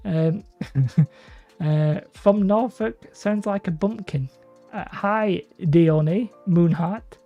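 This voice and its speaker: Gravelly low woman chatting on a stream. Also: drawn-out words. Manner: chatty, rambling, laughs often. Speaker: hobby livestream host. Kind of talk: casual livestream chat reading viewer comments. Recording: dull lo-fi stream audio with faint music.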